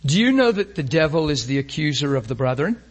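A male preacher with a husky, slightly raised voice delivers an intense sermon. He moves from loud, emphatic declarations to soft, hushed lines and keeps pressing his congregation with rhetorical questions. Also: a little high, very animated, a little fast.

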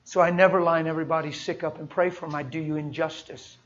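A man preaching a sermon and telling personal stories, speaking emphatically and swinging from soft, quiet moments to loud, forceful passages. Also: a little high, flat delivery, fast talker, lo-fi sound, slight background noise.

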